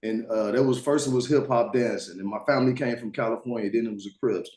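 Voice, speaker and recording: A man's voice: mid-range voice, steady tone, fast talker, darkish tone. A man in his thirties in a casual group discussion, talking assertively and cutting in. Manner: assertive, cuts in. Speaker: discussion participant. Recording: roomy echo.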